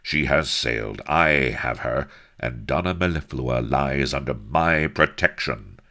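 A man's voice: rumbling low, a little slow, pushed and bright, heavily acted. A man voicing a grim, cocky naval captain in disguise, speaking curtly and hard-edged, in a read-aloud story.

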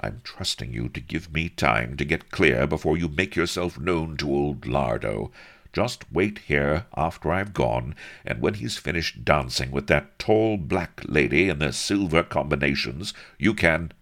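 A grim, cocky sea captain with a very deep, gravelly voice and clipped, hard delivery, as a man reads his lines. He takes his time, every word flat and steely, with a rasp at the bottom. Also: unhurried, exaggerated voice. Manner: curt, hard-edged. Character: grim, cocky male naval captain in disguise.

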